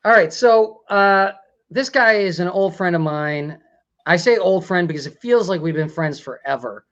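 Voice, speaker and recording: High-voiced rambling male host. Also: animated, normal speed, a bit bright, muffled recording. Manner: rambling, laughing often. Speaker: talk show host. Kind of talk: casual talk show chat.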